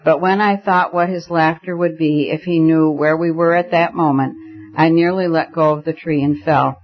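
A man reads a novel aloud in first person with a measured, storytelling delivery. His voice is fairly high for a man. The recording is a little dull and lo-fi. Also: steady tone. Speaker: audiobook reader.

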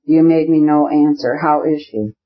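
A man's voice: on the high side, fairly even intonation, moderate pace, lightly acted. A man voicing an anxious woman in an audiobook, pleading earnestly on her friend's behalf. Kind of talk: audiobook character reading. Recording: dull lo-fi recording.

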